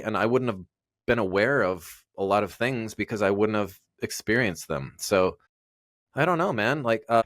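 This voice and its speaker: A man with a lowish voice talks in a relaxed interview. He rambles earnestly, circling back with fillers and restarts. The sound is close and dry, with no room around it. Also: dry recording. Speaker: guest. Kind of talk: casual interview chat.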